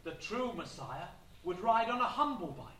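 A man voicing a haughty old knight, proud and quick to anger, with booming, pompous proclamations. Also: very animated, sharp tone, roomy sound, far from the mic, exaggerated voice. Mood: indignant.

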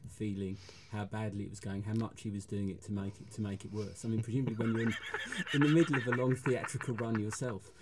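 A man hosting a radio chat, asking his guest questions in a wry, relaxed way. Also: fairly low pitch, fast, hardly any pauses, noisy background. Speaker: radio host.

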